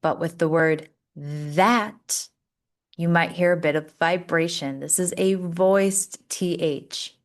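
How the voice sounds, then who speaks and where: A woman teaching English pronunciation, saying words slowly and deliberately for learners to repeat, with an encouraging teacher tone. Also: lowish voice. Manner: slow, deliberate, drawn-out words for repetition. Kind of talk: slow, clear pronunciation lesson.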